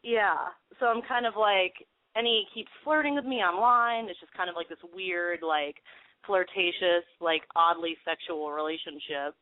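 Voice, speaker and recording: A woman's voice: fairly low pitch, moderate pace, no room sound. A young woman in her twenties calls in to a radio show, hesitating and laughing nervously between her words. She comes through a tinny, phone-like line with a dry, close sound. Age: 20s. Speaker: caller. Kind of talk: casual call-in chat.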